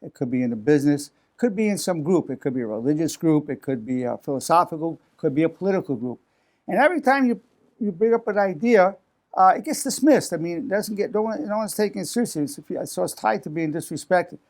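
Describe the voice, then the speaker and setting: An older man in his eighties gives a psychology lesson with a gravelly, somewhat high voice. He talks freely, restarting and repeating words. He lifts his voice to act out how people sound when they feel defensive. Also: quick pace. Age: 80s. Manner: animated, acts out defensive quotes with raised voice. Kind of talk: unscripted talk to camera.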